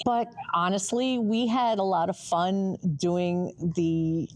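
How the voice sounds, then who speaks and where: A woman's voice: medium pitch, steady tone, slow pace, few pauses. A woman co-hosting a podcast, chatting playfully and joking with her co-host. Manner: playful, joking, laughs easily. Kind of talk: casual podcast chat.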